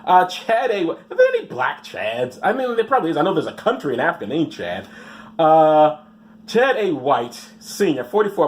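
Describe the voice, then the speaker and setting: A man reading out news stories and mocking them with sarcastic, rambling asides. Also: fairly high pitch. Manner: rambling, mocking asides, mumbled "blah blah" skips.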